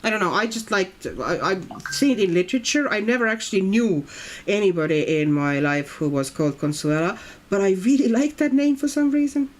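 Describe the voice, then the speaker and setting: At home in Brazil, a woman livestreams herself coloring, chatting casually and reading her viewers' comments aloud. Her voice is mid-range and animated, and she talks a little fast.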